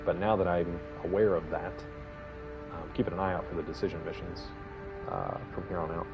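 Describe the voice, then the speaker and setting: A man's voice: deep voice, fairly even intonation, a little fast, gravelly, highs cut off, music in the background. Joking forties man streaming a game. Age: 40s. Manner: rambling, joking, chatting with viewers. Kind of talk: casual live gameplay commentary.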